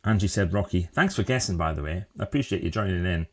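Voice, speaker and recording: A man's voice: sits low, expressive, fast. A middle-aged man hosting a live-streamed motivational talk, chatty, quizzing viewers and answering their comments. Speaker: live show host.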